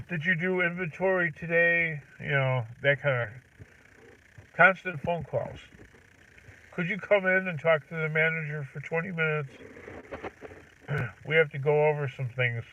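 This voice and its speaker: A middle-aged man chatting casually on a livestream, rambling, clearing his throat and chuckling as he talks from his truck. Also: fairly high pitch, unhurried, long pauses, bright, forceful tone, distant mic, a little hiss or hum. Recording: tinny phone-like audio from off-mic.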